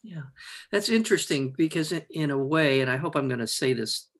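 A man interviewing a guest, asking questions in a halting way and rephrasing them mid-sentence. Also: on the high side, expressive.

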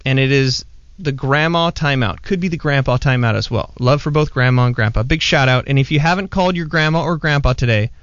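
A man's voice: mid-range voice, fairly bright tone, no room sound. A man hosting a show in casual chat, playful and talkative, often jumping in to rephrase what his guest says. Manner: playful, chatty, jumps in to rephrase. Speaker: podcast host. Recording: dull lo-fi dry recording.

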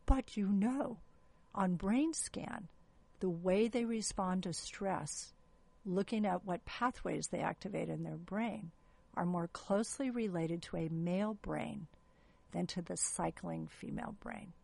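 A blunt, stubborn German male scientist, quoted by a woman in a matter-of-fact tone. The voice is gravelly and husky, pitched a little up from her own. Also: measured pace, dark tone. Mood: emphatic.

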